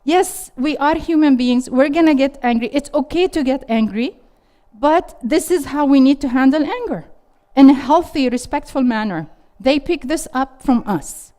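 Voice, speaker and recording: A woman's voice: high-pitched, expressive, moderate pace, few pauses, warm tone. A middle-aged woman teaching a parenting workshop, restating audience questions and encouraging them. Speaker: parenting instructor. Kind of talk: interactive parenting workshop talk. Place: classroom with a live audience.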